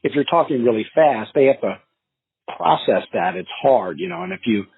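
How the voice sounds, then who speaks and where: A man who coaches real estate sales, telling stories and advice in a podcast interview, acting out calls in an animated way. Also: medium pitch, normal speed, vocal fry, husky, no echo. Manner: animated storyteller, acts out phone calls. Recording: tinny phone-line sound.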